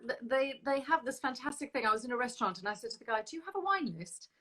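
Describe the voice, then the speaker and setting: A woman's voice: high-pitched, animated, quick pace, bright, forceful tone. A woman hosting a casual interview, enthusiastic as she reads out viewer questions. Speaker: interview host.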